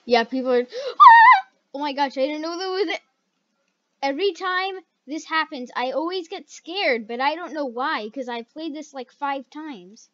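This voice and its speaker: A woman hosting a gaming video, chatting casually through the play, chatty and excitable and yelping when startled. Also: high-pitched, normal speed, noisy background. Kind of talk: casual gameplay commentary. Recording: dull lo-fi recording.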